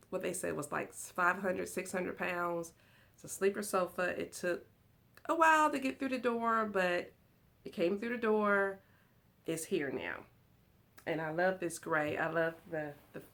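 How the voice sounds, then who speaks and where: A woman vlogging from her lounge room at home, chatting excitedly and giggling as she talks to her viewers. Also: on the low side, creaky. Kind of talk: casual chat to viewers.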